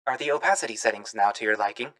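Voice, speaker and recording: A man voicing a calm, formal robotic AI assistant with flat, polite machine phrasing. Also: on the low side, fast.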